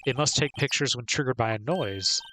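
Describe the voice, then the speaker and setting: A man's voice: medium pitch, fairly quick, bright, forceful tone, a little hiss or hum. A man streaming a video game, reading the dialogue aloud in a plain, mild voice. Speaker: gaming streamer.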